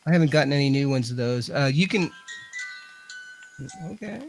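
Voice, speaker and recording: A man's voice: mid-range voice, expressive, moderate pace, soft background music. A man, chatting on a radio show as a ghost hunter and talking to spirits. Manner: talks to spirits and equipment, chatty. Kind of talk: casual radio show chat.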